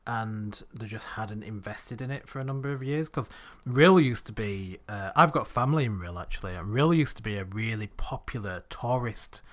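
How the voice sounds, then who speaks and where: A man's voice: fairly low pitch, normal speed, few pauses, a bit bright. A man co-hosting a podcast in casual chat, rambling and correcting himself as he goes. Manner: rambling, reminiscing with self-corrections. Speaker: podcast co-host.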